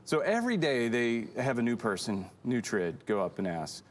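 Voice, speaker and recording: Animated man telling a long joke. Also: moderate pace. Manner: animated storyteller, jumps into high squeaky voices for characters. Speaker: co-host. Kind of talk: casual joke-telling chat.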